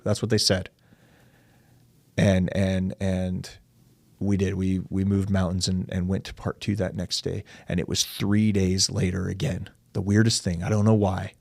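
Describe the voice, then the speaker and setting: Casting: low, gravelly guy, dry close sound, long-winded podcast guest. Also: flat delivery, moderate pace, darkish tone, no echo. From United States. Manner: long-winded, acts out quoted dialogue, says dude and like. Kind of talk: candid personal storytelling in an interview.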